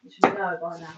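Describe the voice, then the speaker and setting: On a live stream, a woman with a lowish voice talks loosely as she applies her makeup, wandering between topics and interrupting herself partway through sentences. The audio sounds distant, dull and roomy, and it is very noisy.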